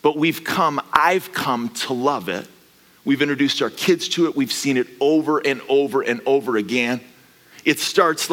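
Bright-voiced man preaching a sermon. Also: medium pitch, in a large hall. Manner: energetic, swings from quiet to shouting. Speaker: guest pastor. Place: church sanctuary.

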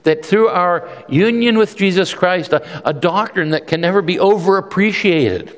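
Male pastor, higher register, earnest and emphatic sermon delivery with frequent restarts, recorded in a large hall with long reverb. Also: animated, moderate pace. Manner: earnest, emphatic, often repeats words as he restarts.

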